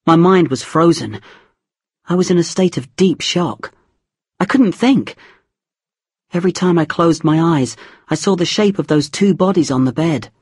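A woman reading a chapter book aloud in a measured, expressive storytelling manner. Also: low voice, breathy edge, dry recording, clean studio sound. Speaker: audiobook reader. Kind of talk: scripted narration of a graded reader.

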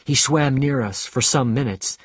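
A man narrating a storybook at an unhurried, measured pace. His husky voice sits close and dry to the mic, with no room around it. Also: medium pitch, no room sound. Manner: slow, measured reading.

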